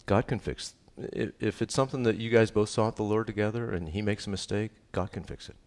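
Middle aged guy preaching, low voice, jokey, punches lines twice. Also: steady tone, brisk, darkish tone. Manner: emphatic, jokey, repeats key lines. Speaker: pastor. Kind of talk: sermon.

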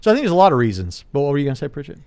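A man in his forties hosting a livestream debate discussion, talking quickly with many fillers and restarts. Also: on the high side, sing-song, a little mellow, no echo. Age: 40s. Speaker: host.

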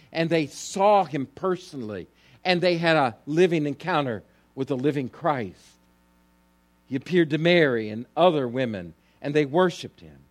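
A man preaching a sermon as a pastor, telling the story with emphatic, climbing phrases and putting direct questions to his listeners. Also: a little high.

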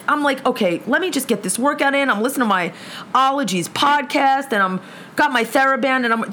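A woman's voice: high-pitched, a bit bright, slight background noise. A young woman ranting heatedly to camera, swearing constantly as she vents about her morning. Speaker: vlogger. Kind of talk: angry profane rant. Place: lives in a big city apartment.

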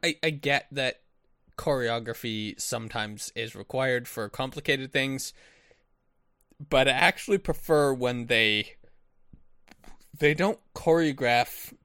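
A man with a bright, forceful voice talks slowly in casual podcast chat. He thinks aloud and asks questions to check his understanding. The sound is dry, with no room around it. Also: medium pitch, clean tone, dry recording. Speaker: podcast co-host.

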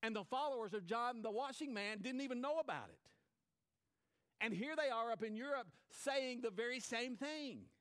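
A man's voice: very high-pitched, lively intonation, normal speed, fairly bright tone, clean tone. A man preaching a sermon, retelling a story with repeated phrases and acted-out quotes. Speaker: pastor.

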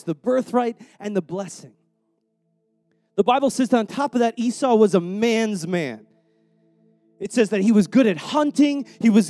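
A man's voice: sits high, warm tone, no echo. A young adult male preacher giving a sermon in a conversational, slangy way, often repeating words.

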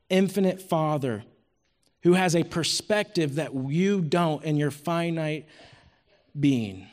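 High-voiced earnest male preacher. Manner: earnest storytelling. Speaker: retreat speaker teaching scripture. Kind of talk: sermon. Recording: long hall reverb.

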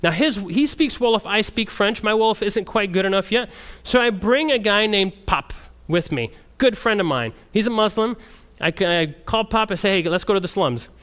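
Lively high-voiced male missionary storyteller. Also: normal speed, hardly any pauses. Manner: animated storyteller, frequent restarts. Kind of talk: storytelling testimony talk.

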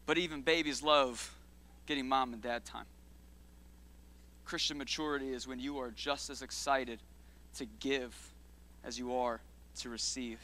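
A young man preaching a sermon as pastor, energetic and joking, calling out to his congregation for responses. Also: mid-range voice, unhurried, pauses often. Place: church sanctuary.

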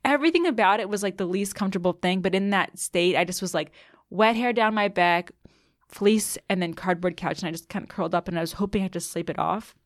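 A young woman in her twenties telling a personal story in casual chat, animated and full of filler words, acting out what people said. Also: medium pitch, fast, dry recording, clean studio sound. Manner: animated, lots of "like", acts out quotes. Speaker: guest.

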